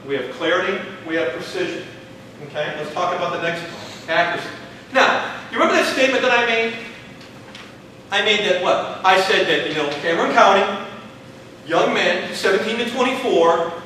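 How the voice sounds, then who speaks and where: Animated male instructor in an echoey classroom. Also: high voice, a little fast, recorded from a distance, slight background noise. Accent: Texan. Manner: lively, asks the class questions, acts out little dialogues. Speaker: college instructor. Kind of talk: classroom lecture. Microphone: far room mic.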